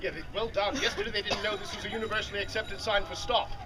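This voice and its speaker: A street performer with a high, steady voice talks fast during an outdoor comedy show at a fair stage, teasing and bantering with audience volunteers. A large, loud crowd fills the background of this low-quality outdoor recording.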